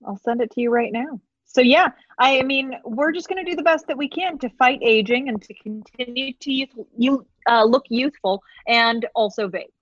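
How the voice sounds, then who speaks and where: A woman's voice: a little high, moderate pace, no echo, lo-fi sound. A woman joining as a podcast guest, joking and teasing in casual chat. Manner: playful, teasing, jokey.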